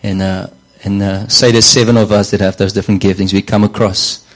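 A man's voice: on the low side, flat delivery, brisk, poor audio. A man preaching a sermon in a conversational way, often repeating words and saying "you know".

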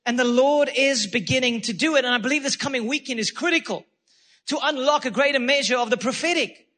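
A man's voice: very high-pitched, fast, pushed and bright. A man preaching a sermon as pastor, fervent and repetitive, calling out praise between points. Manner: fervent preaching with repeated phrases and exclamations.

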